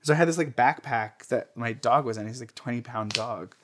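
A man's voice: mid-range voice, a little fast, slight background noise. Chatty man telling frank stories. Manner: chatty, frequent fillers, laughs often. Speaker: interviewee. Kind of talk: candid personal storytelling.

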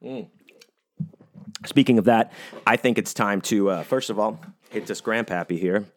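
A man's voice: fairly low pitch, normal speed. A man hosting a podcast on his own, talking casually and rambling, with lots of swearing and fillers. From United States. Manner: rambling, profane, many fillers and restarts. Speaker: podcast host. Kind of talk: casual solo podcast monologue.

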